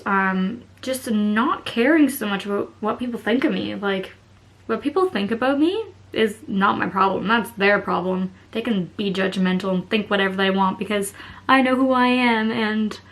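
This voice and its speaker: A woman's voice: medium pitch, a bit bright. A thirty-year-old woman chatting candidly in a casual vlog, swearing now and then. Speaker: vlogger.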